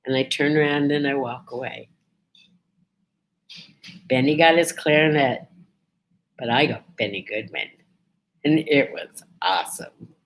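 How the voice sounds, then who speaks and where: A woman's voice: a bass voice, unhurried, pauses often, slight background noise. Chatty woman telling a story. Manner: chatty, animated storyteller with lively asides. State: feeling a bit unwell. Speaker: vlog host. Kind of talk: casual storytelling to camera.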